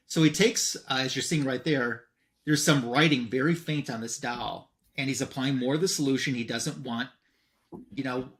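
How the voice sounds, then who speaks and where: A man with an ordinary mid-range voice recaps a comic book plot for his show. He talks casually and fills gaps with ums. His voice swings up and down in pitch and loudness as the story unfolds. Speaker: comic review show host.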